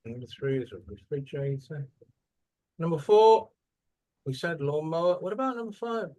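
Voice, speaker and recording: At a moderate pace and a little high in pitch, a male teacher conducts an English lesson. He asks students lively questions and lengthens the stressed syllables as he models words for them.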